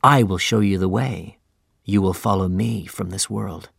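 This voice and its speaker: A man's voice: low voice, unhurried, gravelly, a bit bright, breathy edge, dry recording, clean studio sound, voice pushed down, exaggerated voice. A man voicing a mysterious male prophet who speaks in a solemn, foreboding way. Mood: ominous.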